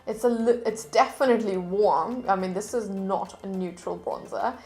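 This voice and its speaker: Woman chatting at her desk about makeup, lively storytelling, room echo and a little music underneath. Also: mid-range voice, normal speed. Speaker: beauty vlogger. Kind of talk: casual chat to camera.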